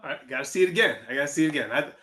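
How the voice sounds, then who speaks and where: Man, podcast co-host, bright tense voice, slightly high, teasing, playful, stammering restarts, casual chat. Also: rapid-fire.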